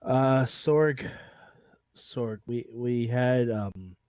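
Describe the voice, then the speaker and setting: A man co-hosting a wrestling talk show by remote line, laid-back and joking, with halting pauses. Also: mid-range voice, darkish tone, dry recording, clean studio sound. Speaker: co-host. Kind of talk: casual chat. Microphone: remote call mic.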